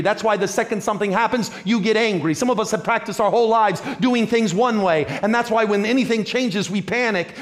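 A pastor preaching a lively, humorous sermon that builds on repeated phrases. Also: male voice, very high voice.

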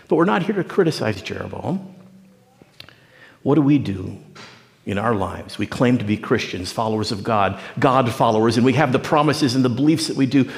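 A pastor preaches a sermon in a lowish, gravelly voice with vocal fry, his words echoing as if in a big room. He tells a story and acts out its characters in dialogue, giving each figure a voice.

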